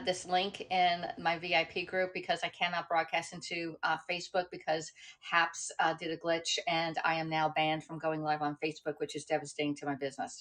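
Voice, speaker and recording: A woman's voice: lowish voice, fairly bright tone. Chatty rambling woman livestreaming. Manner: rambling, chatty, with many fillers and restarts. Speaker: livestream host. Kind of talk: casual livestream chat.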